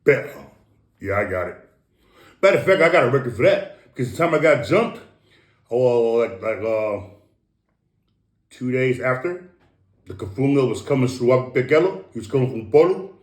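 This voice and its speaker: A man's voice: medium pitch, normal speed, long pauses, echoey room. A middle-aged man telling boastful, profane stories in a casual interview. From Samoan American. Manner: profane, boastful, animated storytelling. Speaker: interview guest.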